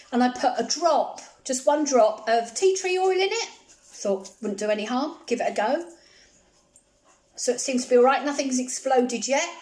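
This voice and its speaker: A woman's voice: on the high side, darkish tone, a little hiss or hum. Chatty, reassuring woman cooking at home. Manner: chatty, reassuring, repeats phrases for comfort. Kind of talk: casual chat while cooking. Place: home kitchen.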